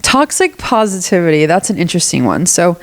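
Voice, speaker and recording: A young woman hosts her own podcast in a loose, candid monologue, her slightly low voice stuffy-nosed, sing-song and fairly quick. She swears casually and slips into little acted-out lines of what she would say to people.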